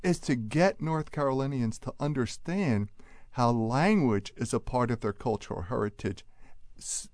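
A man who is a linguist, a radio guest explaining things in an animated way with quick restarts. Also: mid-range voice, no echo.

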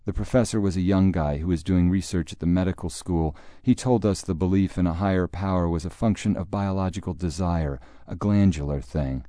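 A man's voice: deep voice, brisk, hardly any pauses, dark tone, no echo. A man narrating a story in a dry, wry manner. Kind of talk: audiobook narration.

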